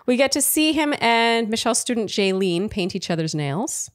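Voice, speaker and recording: A woman's voice: on the high side, big pitch swings, moderate pace, no echo, studio quality. A woman co-hosting a podcast, chatting casually about a TV episode, laughing often and trailing off mid-sentence. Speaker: podcast co-host. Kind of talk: casual chat recapping a TV show.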